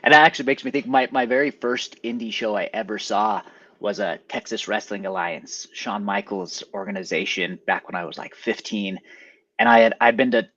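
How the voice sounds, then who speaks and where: Animated man telling stories, slightly muffled. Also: lowish voice, normal speed. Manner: animated storyteller, jumps into quoted voices. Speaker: event photographer and stand-up comic. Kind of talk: casual chat.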